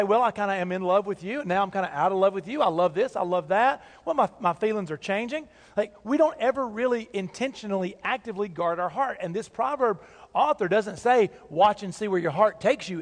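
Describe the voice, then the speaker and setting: Male pastor, high voice, earnest conversational sermon, long hall reverb. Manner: earnest, conversational preaching with emphatic repetitions. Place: church sanctuary.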